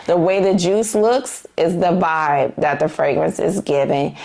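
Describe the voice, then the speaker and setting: A woman's voice: fairly low pitch, takes it slowly, a little mellow. Chatty gushing woman with a drawl. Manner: chatty and gushing, says y'all and you guys. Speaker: perfume vlogger. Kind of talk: casual chat to camera.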